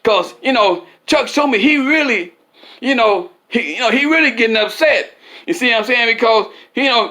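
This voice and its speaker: A man's voice: very high-pitched, lively intonation, normal speed, sharp tone. A man giving a rambling comedic political monologue, often laughing and repeatedly asking whether you follow him. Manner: repetitive, keeps asking "you see what I'm saying"; laughs often at his own jokes.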